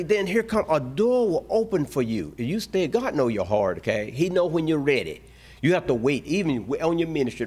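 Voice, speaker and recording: A man preaching from the pulpit with a voice that sits on the higher side. He speaks, animated and conversational. He breaks into short acted voices for emphasis. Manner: animated preaching with playful voiced asides and laughs. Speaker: pastor. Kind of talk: sermon.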